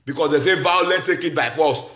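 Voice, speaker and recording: A man's voice: a little high, a little fast, fairly bright tone, echoey room. A man speaking Nigerian Pidgin English, giving an impassioned, repetitive speech as a comedian. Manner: emphatic, repetitive, shifts between Pidgin and English.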